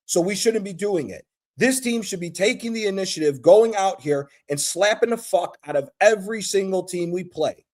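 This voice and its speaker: High-voiced American guy, heated caller, swears a lot, relentless. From United States. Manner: passionate, profane, emphatic. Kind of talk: heated call-in rant.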